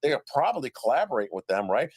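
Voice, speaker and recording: Animated middle-aged man telling stories. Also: mid-range voice, a little fast, no echo. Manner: animated storyteller, acts out quoted dialogue. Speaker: citizen journalist guest. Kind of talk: casual remote interview.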